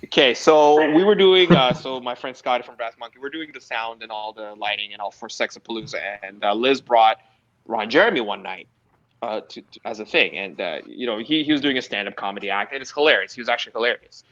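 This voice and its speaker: A man's voice: medium pitch, brisk, fairly bright tone. A man, a guest DJ, telling loose, profane stories with laughs in a casual podcast interview. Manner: laid-back, profane, laughing storyteller. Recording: slightly dull lo-fi sound.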